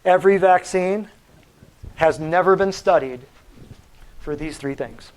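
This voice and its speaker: A man's voice: high-pitched, a little slow, poor audio. A man giving a natural health talk to a live audience, blunt and combative, quizzing the room with questions.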